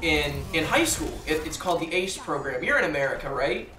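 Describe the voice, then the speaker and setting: A man's voice: on the high side, lively intonation, fairly quick, a crowd in the background. A man hosting a gaming channel, chatting casually while he plays and rambling with lots of fillers and restarts. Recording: roomy echo, distant mic.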